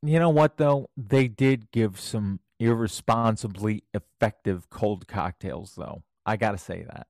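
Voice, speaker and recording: A man co-hosting a podcast, telling anecdotes casually and getting animated when he acts out what others said. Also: lowish voice, unhurried, creaky, few pauses, no room sound, clean studio sound. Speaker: podcast co-host.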